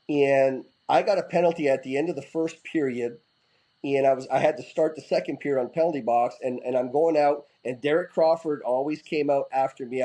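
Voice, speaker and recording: A middle-aged man, a former hockey player, telling rowdy stories as a guest in a casual interview, animated, with frequent restarts and casual swearing. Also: medium pitch, rough recording.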